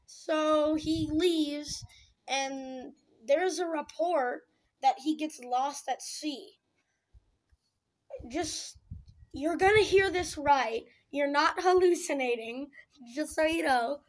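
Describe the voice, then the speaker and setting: Young woman, film reviewer, high voice, slow delivery, sarcastic, exasperated. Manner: dramatic, exasperated, sarcastic rants. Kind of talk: casual film review chat.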